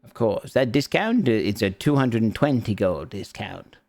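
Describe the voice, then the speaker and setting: A courteous spa attendant woman, put on by a male game master, slow and sweetly formal as she points guests around. She has a fussy, well-mannered way of talking, with little flourishes of politeness. It is an understated fantasy-game character voice. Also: on the low side, animated, gravelly, music in the background.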